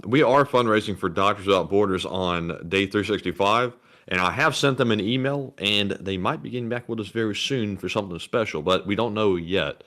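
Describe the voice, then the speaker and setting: A man's voice: deep voice, fairly bright tone. A man co-hosting a casual livestream, reading supporter messages aloud in a laid-back way. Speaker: co-host reading donations.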